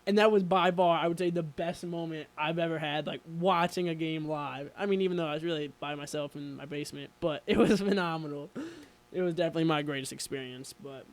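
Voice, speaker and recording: High-voiced excitable young man. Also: fairly quick. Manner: excitable, rambling storyteller with many fillers. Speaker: radio show co-host. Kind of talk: casual sports chat.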